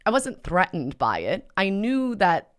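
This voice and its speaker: A woman hosting a casual question-and-answer video, talking gently and conversationally with frequent fillers and restarts. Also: mid-range voice, very animated, a little slow. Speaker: host answering viewer questions; mother. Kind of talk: casual spoken Q&A.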